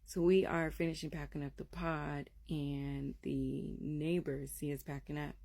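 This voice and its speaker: A woman in her thirties casually telling a spooky personal story, acting out the voices in it and dropping to a hush at the scary parts. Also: low-pitched, a little slow, gravelly, no room sound. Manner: animated, acts out quoted voices, drops to a hush at scary moments.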